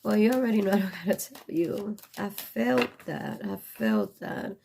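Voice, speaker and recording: A woman's voice: medium pitch, lively intonation, normal speed, vocal fry, background noise. A middle-aged woman giving a casual tarot reading, blunt and profane, emotional and choking up at times, with non-native English phrasing. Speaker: tarot reader.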